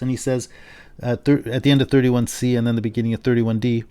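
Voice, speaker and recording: A male philosophy lecturer giving an unscripted university lecture, thinking aloud and paraphrasing a text in a lively quoting voice. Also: mid-range voice, fast. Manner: thinking aloud, with frequent restarts and fillers.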